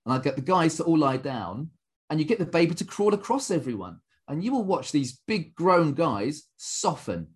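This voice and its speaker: Animated, husky-voiced man. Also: fairly high pitch, normal speed. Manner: animated storyteller, acts out quotes in varied voices, laughs often. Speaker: martial arts instructor. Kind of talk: casual podcast conversation.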